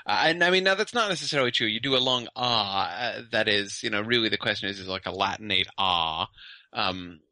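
A man with a bright, ringing voice, set slightly low, explains a literary point to his co-host in a halting, professorial way. He keeps restarting phrases as he thinks aloud. The mic is close and completely dry. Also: expressive, dry recording. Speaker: podcast co-host and lecturer. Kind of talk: casual scholarly discussion.

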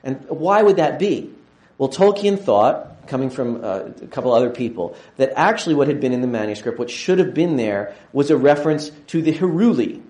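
An enthusiastic male lecturer talks to his class at a middling pitch, often digressing and restarting his phrases. The room is roomy and echoey around his voice. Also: expressive, normal speed, darkish tone. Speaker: university lecturer.

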